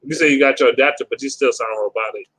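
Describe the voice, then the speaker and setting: A man on a casual sports talk call, animated and slangy. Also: medium pitch, noisy background. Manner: animated, slangy, quick to laugh. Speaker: guest caller. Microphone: home mic on an online call.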